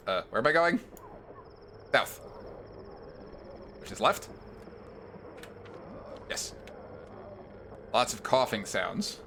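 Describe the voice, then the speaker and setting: Lively, wry male game streamer. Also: medium pitch, slight background noise. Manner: chatty, wry asides between reading game dialogue aloud. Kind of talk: live gameplay commentary.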